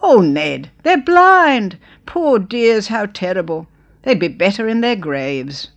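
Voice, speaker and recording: A woman voicing a fussy, nosy elderly woman who shouts her pity at strangers on a train. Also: medium pitch, big pitch swings, slow pace, dull audio, voice pushed up. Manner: shouting, exclaiming.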